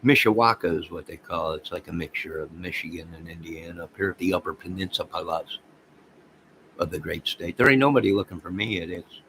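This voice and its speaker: A man's voice: deep voice, fairly quick, vocal fry, a bit bright, slight background noise, low-quality recording. A man hosting a casual livestream, rambling and talking straight to his viewers. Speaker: livestream host.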